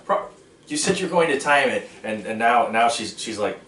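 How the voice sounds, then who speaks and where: A man's voice: mid-range voice, animated, moderate pace, a bit bright, a little hiss or hum. A man hosting a casual food-tasting vlog, goofy and self-mocking as he jokes about snacks. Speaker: vlog host. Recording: echoey room from far off.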